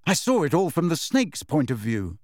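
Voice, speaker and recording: An agitated teenage boy wizard, as a man puts him on, sounding impatient and upset in a raised, lively voice. The sound is dry and close. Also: a little high, moderate pace, no echo.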